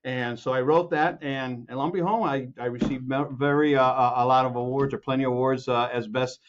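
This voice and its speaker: A man from Chicago, a composer and guest, telling anecdotes with lively acted-out quotes, many restarts and laughs. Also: medium pitch, fairly quick, highs cut off, noisy background. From Chicago, USA. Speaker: music producer and film composer, guest. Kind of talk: animated anecdotal storytelling.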